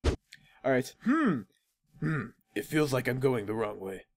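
A man's voice: medium pitch, big pitch swings, takes it slowly, no echo. A man hosting a gaming channel, giving casual, rambling, self-amused commentary as he plays.

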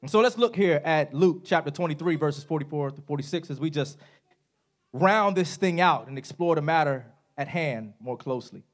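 A preacher's high voice swings widely at normal speed as he delivers a sermon in a church sanctuary, softening at the close of phrases and shouting at the climaxes. He's animated and casual, using "y'all" and "right?", and calls on the congregation to echo words back.

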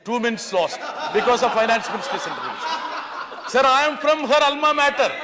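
Impassioned high-voiced Indian-accented man. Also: big pitch swings, brisk. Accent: Indian English. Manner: impassioned, keeps pleading "sir", rhetorical lists. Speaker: member of parliament giving a speech. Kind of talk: parliamentary speech. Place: large legislative chamber. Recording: echoey chamber with long reverb.

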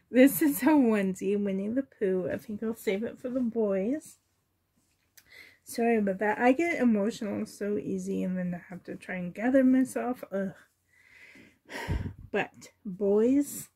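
A woman chatting to herself and her viewers while sorting doll clothes, sentimental and softly laughing. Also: a little high, measured pace. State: emotional, choked up. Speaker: reborn doll collector vlogger.

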